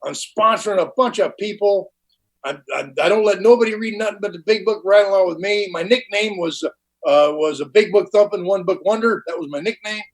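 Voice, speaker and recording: A man's voice: high voice, a little fast, rough recording. An older man giving a personal recovery testimony at a meeting, candid and blunt, with plain slang and frequent restarts. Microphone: online conference talk.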